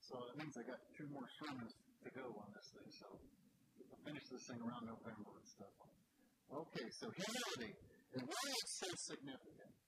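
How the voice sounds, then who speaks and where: A man's voice: mid-range voice, expressive, brisk. A man preaching a sermon in a folksy, conversational way, using homely everyday examples. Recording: loud background noise.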